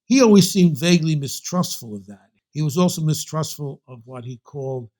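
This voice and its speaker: A man's voice: on the high side, lively intonation, brisk, warm tone. An older man with a Brooklyn accent, talking as an interview guest. He tells his anecdotes in a loose, rambling way, often restarting a phrase and stacking up asides before he gets to the point. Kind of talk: storytelling interview.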